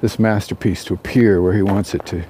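A man tells a parable aloud in a mellow voice, unscripted and halting, with frequent restarts and fillers. A faint hum of noise sits behind him. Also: sits low, fairly even intonation. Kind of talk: oral storytelling of a parable.

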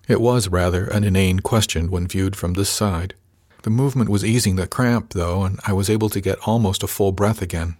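A man reading a first-person novel aloud as an audiobook narrator, measured and lightly voicing the characters. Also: low-pitched, darkish tone, dry recording, studio quality.

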